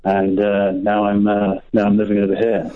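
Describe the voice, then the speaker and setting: A man's voice: lowish voice, completely flat delivery, moderate pace, a crowd in the background. A man calling in to a radio show, friendly and chatty, with some hesitation. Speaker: radio caller. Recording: muffled phone line.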